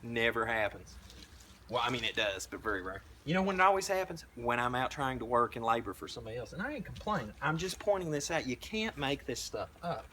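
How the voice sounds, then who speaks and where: A man's voice: mid-range voice, big pitch swings, brisk, pushed and bright, slight background noise. A young man with a Southern American accent giving a blunt, folksy, rambling talk while painting, full of restarts. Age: young adult. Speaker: prepper vlogger. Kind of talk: casual preaching monologue. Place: outdoors at a tiny house build site.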